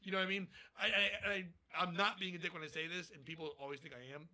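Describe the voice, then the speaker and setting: A man's voice: high-pitched, flat delivery, quick pace, pushed and bright. A man, a stand-up comedian, talking bluntly and profanely in a casual podcast interview.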